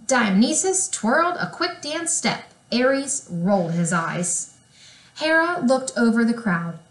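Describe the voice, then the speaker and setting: A woman reading a children's chapter book aloud in an unhurried, lively storytelling manner. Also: mid-range voice, reverberant. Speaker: reader.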